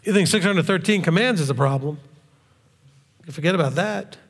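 A man's voice: a little high, a little fast. A man preaching a sermon to his congregation as their rabbi, talking conversationally and often checking in with "okay?". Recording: long reverb of a hall.

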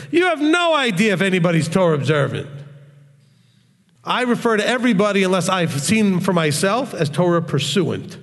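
A man's voice: sits high, lively intonation, brisk, big-room sound. A man preaching in a blunt, straightforward way on a live stream, often mocking other voices. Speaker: religious teacher.

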